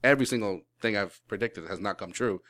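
A man co-hosting a sports podcast, talking in a rambling, animated way, swearing and restarting his sentences. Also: lowish voice, brisk, no room sound, clean studio sound. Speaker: podcast co-host. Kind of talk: casual sports podcast chat.

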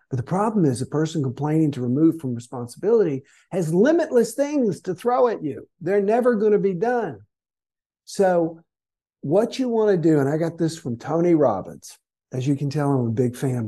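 A guest author on a podcast interview tells stories and acts out the voices of people in them, especially quoted complainers. His voice is a little high and mellow.

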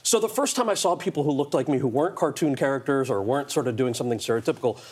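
Man in his forties, talk show guest, rapid pace, lively storytelling. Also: mid-range voice, husky. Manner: quick, animated storytelling with laughs. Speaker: guest actor and author.

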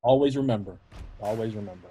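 Male podcast host, husky, relaxed interviewer. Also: lowish voice, fast talker. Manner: agreeable, reflective, fills with uh. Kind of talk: casual interview chat.

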